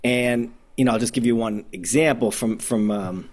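A man's voice: mid-range voice, steady tone, normal speed, darkish tone. A man from Detroit with a Midwestern accent, a documentary filmmaker talking in a casual interview, enthusiastic and rambling with many restarts. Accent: Midwestern American. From Detroit, Michigan.

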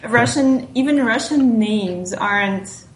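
A woman's voice: fairly high pitch, slow pace. A woman who serves as a language coach, speaking politely and matter-of-factly on an interview panel. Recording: roomy echo with faint background noise.

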